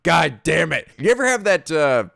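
A man's voice: a little high, sing-song, moderate pace, creaky, fairly bright tone, no echo, studio quality. A man hosting a let's play, chatting casually over a game in a rambling, profane way. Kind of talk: casual gameplay commentary.

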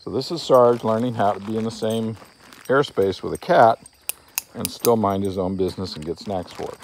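A man, a dog trainer, calmly explaining a training session and breaking into coaxing calls to his dog. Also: lowish voice, normal speed, noisy background.

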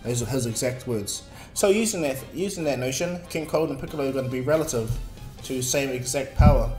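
A man's voice: mid-range voice, fairly quick. A man casually narrating a fan story in a rambling way, with filler words. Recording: echoey room, faint music.

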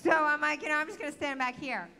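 Woman, slightly high voice, chatty co-host, long echo, faint hiss. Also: steady tone, fast talker, creaky, bright, forceful tone. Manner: chatty, adds teasing details to the story. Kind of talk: casual chat.

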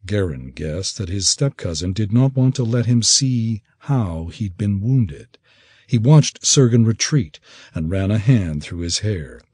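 A man reading an audiobook in expressive, measured scripted narration. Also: on the low side, husky, no echo.

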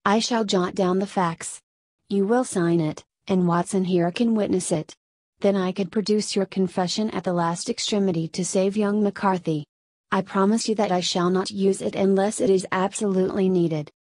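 A calm, brilliant detective speaks gently and in measured tones, read by a woman. The storybook sound is dry and close, with the voice at a middle pitch. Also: no room sound, natural voice. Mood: reassuring. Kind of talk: audiobook reading.

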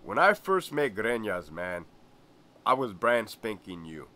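A man in his forties, once a corrections lieutenant, hosts his own channel in a casual storytelling vlog. His lowish voice is sing-song, unhurried, and sharp in tone, and he chuckles often while asking "right?"

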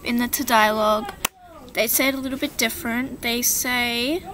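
A woman's voice: fairly high pitch, steady tone, moderate pace, a crowd in the background. A young woman with an Australian accent, chatting casually to camera in a rambling, giggly way with many fillers. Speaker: vlogger. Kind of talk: casual vlog chat. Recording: faint background noise.

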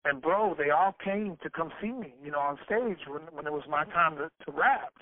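A rapper being interviewed tells stories casually and profanely, stumbling over words and restarting sentences. His fairly high voice moves a little fast with hardly any pauses, and the dry, tinny recording sounds like a phone line.

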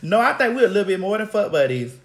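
A woman's voice: mid-range voice, sing-song, fast talker, slight background noise. A woman hosting a casual chat, telling brash, profane, rambling stories. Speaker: host. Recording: roomy echo.

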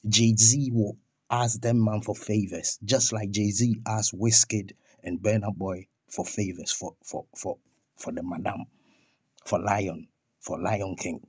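Husky-voiced man in a heated rant. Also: fairly low pitch, steady tone, slow, no room sound. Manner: scornful, fires rhetorical questions and insults. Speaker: commentator on a music feud.

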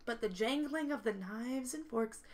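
A woman reading a picture book aloud to children, expressive and stopping to ask the listeners questions. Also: a little high, normal speed. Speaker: children's story reader.

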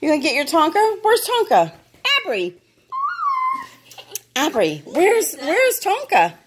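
A woman's voice: sits high, huge pitch swings, a little slow, noisy background. A woman talking baby talk to dogs and a toddler at home, laughing often, filmed on a handheld phone. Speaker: vlogger, dog owner. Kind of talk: casual home video chat.

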